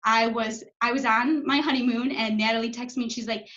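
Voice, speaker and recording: A woman's voice: fairly high pitch, fairly even intonation, fast talker, a bit bright. Chatty young woman on a lo-fi call. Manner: chatty, fills speech with "like", swears when passionate. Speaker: coach. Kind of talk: casual talk on a video call. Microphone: video call.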